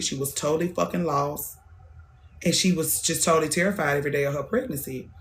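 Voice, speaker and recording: A woman's voice: low voice, slight background noise. A woman in her thirties, a hairstylist hosting a show, talking in a blunt, profane, casual monologue and repeating phrases for emphasis. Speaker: hairstylist and podcast host.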